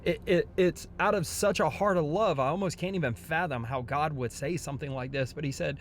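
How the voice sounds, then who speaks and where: A man's voice: fairly high pitch, fairly quick, hardly any pauses, a little hiss or hum. A young man, a father, talking earnestly about faith in a personal devotional vlog, often restarting his sentences. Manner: earnest, heartfelt, with frequent restarts. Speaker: christian vlogger.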